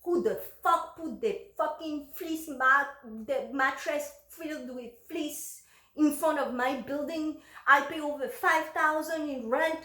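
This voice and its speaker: A woman voicing a furious, entitled rich male neighbor who shouts and swears, recorded in an echoey room. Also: extremely high pitch, a little slow, pitched above the performer's own voice, exaggerated voice. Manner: ranting, swearing.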